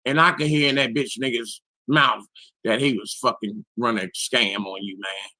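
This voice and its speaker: A man in his sixties with a raspy, hoarse voice calls in to a panel show and talks bluntly and with lots of swearing. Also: medium pitch, normal speed, sharp tone, dry recording. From Philadelphia area, US. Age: 60s. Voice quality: raspy, strained voice. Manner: blunt, profane, emphatic. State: hoarse after illness. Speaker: caller on a live panel show. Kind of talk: casual call-in talk.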